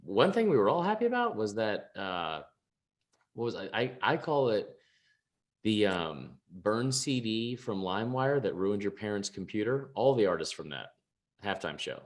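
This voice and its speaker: A young podcast co-host talks sports in a loose, rambling chat, swearing heavily, restarting often, and chuckling at himself. His fairly low voice is very animated and moves at a normal speed.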